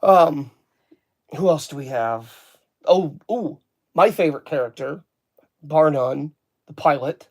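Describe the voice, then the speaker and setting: A man's voice: on the high side, takes it slowly, long pauses. An American man co-hosting a casual movie review chat, joking and swearing, often cutting himself off. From United States. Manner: joking, profane, self-interrupting. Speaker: podcast co-host reviewing a movie.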